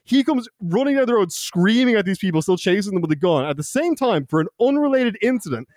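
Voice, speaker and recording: A man's voice: high-pitched, animated, quick pace, darkish tone, dry recording, studio quality. A young Irish man, a podcast co-host, telling a loose, profane anecdote in casual chat, laughing and acting out quotes. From Ireland.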